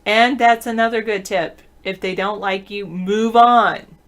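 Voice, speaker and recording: A woman talks casually as a co-host, trading quick jokes and dating tips. Her voice sits in an ordinary middle range, and she slips into little acted-out quotes as she goes. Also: mid-range voice, fairly even intonation, fairly bright tone. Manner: playful, quick to act out quoted lines. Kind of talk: casual dating-advice banter.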